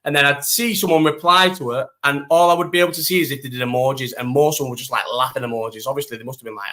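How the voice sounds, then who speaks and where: Bright-voiced young man chatting. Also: fairly high pitch, fast, hardly any pauses. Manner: animated, swears freely, talks to live chat. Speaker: live stream host. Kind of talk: casual storytelling chat.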